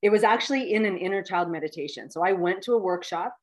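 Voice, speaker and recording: A woman in her fifties, a guest telling a personal story in a heartfelt, animated way with many fillers. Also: medium pitch, fast talker. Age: 50s.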